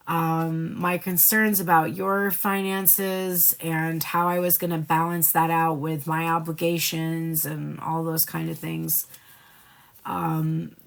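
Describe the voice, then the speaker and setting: Gravelly-voiced woman giving a tarot reading. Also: lowish voice, normal speed, a bit bright. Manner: casual, blunt, speaks the card figures' thoughts in first person. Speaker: tarot reader. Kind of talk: live tarot reading, channeling messages.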